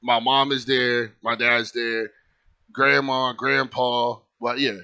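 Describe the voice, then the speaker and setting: Young man, bright-toned, casual storyteller who rambles and swears. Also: medium pitch, little pitch movement, slow, smooth. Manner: rambling, lots of filler likes, swears freely.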